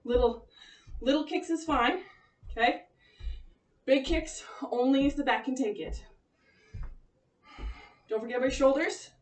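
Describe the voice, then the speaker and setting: Breathless high-voiced woman leading a workout. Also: measured pace, pauses often. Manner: encouraging, chatty, laughs often. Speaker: fitness instructor. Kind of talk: leading a home cardio workout. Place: room at home. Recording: echoey room, voice from a distance.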